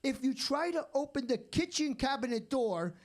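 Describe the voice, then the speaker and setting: A man doing a stand-up routine, delivering deadpan one-liners after slow setups. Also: very high voice. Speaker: stand-up comedian.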